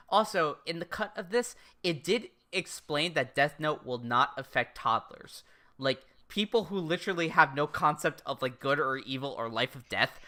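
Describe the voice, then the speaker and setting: A woman's voice: low-pitched, pushed and bright. A woman co-hosting a casual chat show, sarcastic, swearing freely and laughing often. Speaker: podcast co-host.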